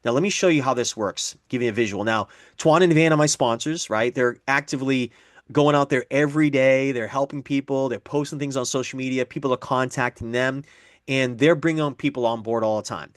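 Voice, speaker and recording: A man's voice: mid-range voice, fairly quick, no echo, clean studio sound. A man giving a business presentation, explaining figures step by step and acting out sample conversations. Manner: explanatory, repeats figures, acts out sample dialogue.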